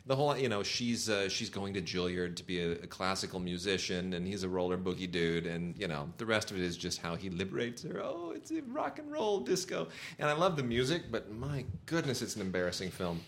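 A man's voice: deep voice, fast, hardly any pauses, fairly bright tone. Chatty middle-aged man reviewing movies. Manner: enthusiastic, sarcastic, many fillers and restarts. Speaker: podcast co-host reviewing home video releases. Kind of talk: casual chat.

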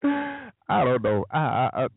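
A man's voice: fairly high pitch, wildly swooping pitch, slow, vocal fry, husky, no echo. A man hosting a talk show, delivering an opinionated monologue with sarcastic, preachy remarks and chuckling asides. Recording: tinny phone-like, dry.

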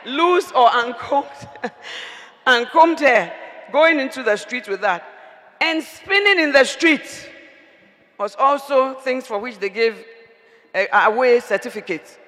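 A woman preacher, giving an animated, humorous sermon and often raising her voice to a shout. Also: sits high, slow. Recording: long reverb of a large hall.

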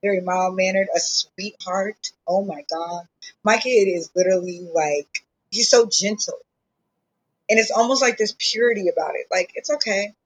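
A woman with a husky edge to her voice, talking openly and from the heart in casual podcast conversation. Her pitch sits in the middle range for a woman. She speaks at length in an unhurried, personal way. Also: low-quality recording. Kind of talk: casual chat.

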